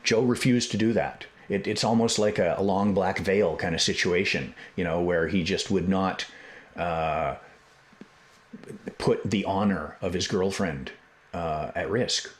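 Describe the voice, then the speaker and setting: A man hosting a podcast, telling a history story in a casual, animated way with profane jokes and digressions. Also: low-pitched, measured pace. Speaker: podcast host.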